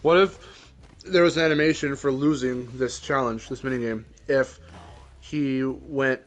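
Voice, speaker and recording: A man's voice: medium pitch, moderate pace. Laughing, joking young man streaming. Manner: joking, laughs often, rambling. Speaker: streamer and host. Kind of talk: casual gaming chat.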